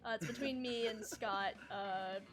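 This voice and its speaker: A woman's voice: fairly high pitch, measured pace, faint music behind. A woman streaming a dating game with friends, talking casually and hesitantly with many fillers. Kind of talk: casual gaming chat.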